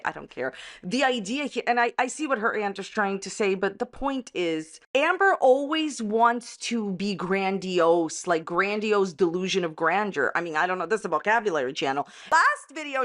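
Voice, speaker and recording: Sarcasm and cattiness drive this woman's casual YouTube commentary rant, where she keeps mocking through a recurring running joke. Her voice is mid-range and a little bright.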